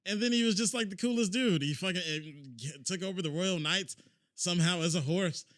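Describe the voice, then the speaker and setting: A man co-hosting a podcast, drunk and cracking loud, profane jokes in casual chat. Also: sits high, fairly quick, no room sound, studio quality. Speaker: podcast co-host.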